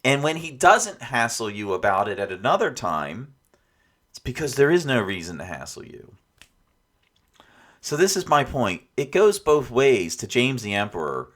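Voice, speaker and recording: A man talks through his tabletop campaign in a loose, rambling way, circling back and restarting his sentences. His pitch rises and falls a lot as he goes. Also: big pitch swings, moderate pace, fairly bright tone. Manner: rambling, with many restarts and asides. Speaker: dungeon master reflecting on his game. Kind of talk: casual spoken reflection.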